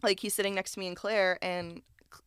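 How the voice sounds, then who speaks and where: Young woman, podcast co-host, casual storytelling, smooth voice, dry close sound. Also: medium pitch, steady tone, fairly quick, fairly bright tone, no echo. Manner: chatty, swears freely, laughs often.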